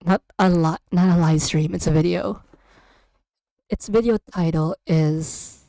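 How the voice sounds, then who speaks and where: A woman streams from her room in loose, rambling chat that trails off and breaks into giggles. Her voice is low, dark and full of fry, and she takes her time. The close desk mic gives a dry, close sound. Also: no room sound. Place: home room. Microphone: USB desk microphone.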